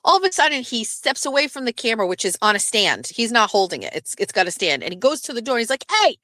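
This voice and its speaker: Bright, animated woman telling stories. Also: on the high side, fast talker, no room sound, clean studio sound. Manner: animated, swearing, acts out quoted voices. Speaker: host. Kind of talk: casual live-stream storytelling.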